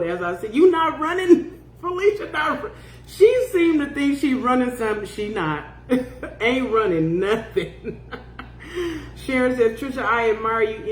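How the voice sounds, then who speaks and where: A woman's voice: fairly high pitch, lively intonation, a little slow, reverberant, slight background noise. A woman in her fifties hosting a casual live chat, reading out viewer comments in a blunt, profane way and laughing often. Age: 50s. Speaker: podcast host.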